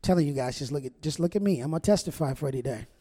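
A man's voice: a little high, animated, rapid-fire, mellow. A man preaching a humorous sermon as pastor, joking and chatting directly with his congregation. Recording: long reverb of a large hall.

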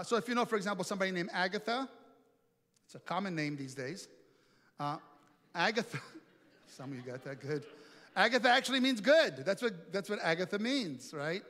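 High-voiced preacher in a reverberant hall. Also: male voice, fairly bright tone. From Italy. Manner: storytelling, playful, asks the audience questions. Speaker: pastor. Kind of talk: sermon. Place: large hall with an audience.

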